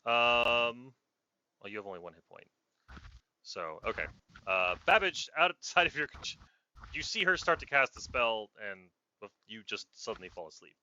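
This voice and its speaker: A man's voice: mid-range voice, animated, moderate pace, sharp tone, muffled recording. A man narrating a tabletop role-playing game as game master on a live stream, rambling and often breaking off mid-sentence. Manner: rambling, self-interrupting narration.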